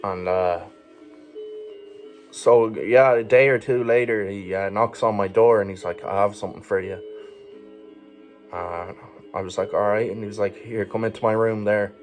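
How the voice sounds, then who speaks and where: Low, flat-voiced Irish man rambling. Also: normal speed, long pauses, faint music behind. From Ireland. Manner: rambling, sweary, with frequent fillers and chuckles. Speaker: vlogger. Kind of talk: casual storytelling monologue.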